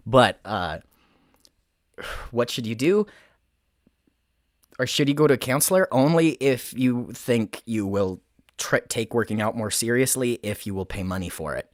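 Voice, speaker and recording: A man's voice: on the low side, lively intonation, normal speed, no echo. A young man hosting a casual advice livestream from a makeshift home studio, joking around and rambling, often correcting himself. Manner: playful, rambling, self-correcting jokey talk. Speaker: host of an advice show.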